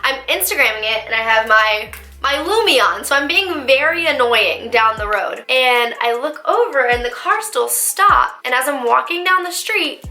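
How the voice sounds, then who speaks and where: A young woman vlogger telling a dramatic story in a lively, animated way. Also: high voice, moderate pace, soft background music. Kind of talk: storytime vlog. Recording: echoey room.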